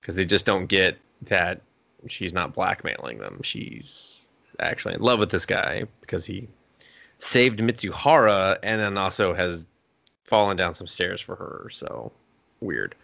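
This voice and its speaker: A man co-hosting a podcast, recapping an anime episode in casual chat and acting out characters' lines in higher voices. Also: expressive, a little slow, creaky, pushed and bright. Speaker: podcast co-host.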